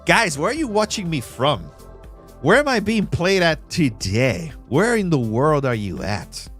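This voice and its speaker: A man hosting a live trading stream, walking through charts and shouting out viewers in a casual, slangy, emphatic way. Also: very animated, a little slow, soft background music. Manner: emphatic, hype-driven pitch to viewers. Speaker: livestream trading host. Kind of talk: live chart walkthrough and chat shout-outs.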